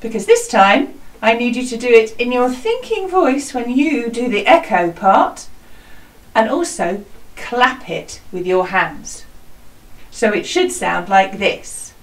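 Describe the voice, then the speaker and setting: A woman's voice: on the high side, big pitch swings, slow pace, far from the mic, poor audio. A British woman teaching a home music lesson to young children, in an encouraging singsong teacher manner. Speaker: primary school music teacher. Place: small hut classroom.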